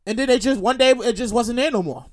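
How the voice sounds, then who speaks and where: A man's voice: very high-pitched, quick pace. A man from Brooklyn with a New York accent, hosting a podcast and telling profane, repetitive stories in a casual monologue. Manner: animated, profane, repetitive storytelling. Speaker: podcast host.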